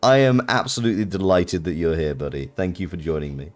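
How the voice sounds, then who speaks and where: A man's voice: sits low, quick pace. A British man streaming a video game live, reacting with amused laughter. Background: faint game music.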